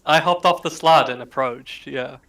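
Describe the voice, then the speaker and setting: Bright-voiced man playing. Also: mid-range voice, moderate pace, rough recording. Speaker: player. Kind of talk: casual game chat in character actions.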